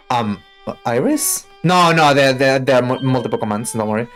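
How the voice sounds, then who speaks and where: Young woman, streamer, casual, animated voice, faint music behind. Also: a bass voice, brisk, hardly any pauses. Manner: chatty, talks to chat. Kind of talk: casual live game stream.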